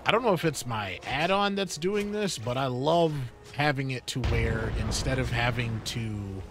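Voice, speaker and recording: A man's voice: mid-range voice, lively intonation, measured pace. A man streaming a game live, chatting casually in a rambling, sidetracked way with many fillers. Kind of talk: casual gaming chat. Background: game music.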